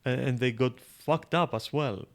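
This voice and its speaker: A man's voice: mid-range voice, measured pace. A man streaming a game, thinking aloud in loose, rambling talk full of fillers and casual swearing. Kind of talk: casual gameplay commentary.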